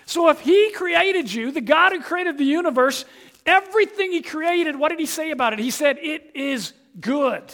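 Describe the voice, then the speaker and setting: A man's voice: extremely high pitch, fairly bright tone. A man preaching a sermon as pastor, emphatic and direct, speaking straight to his congregation with one rhetorical question after another.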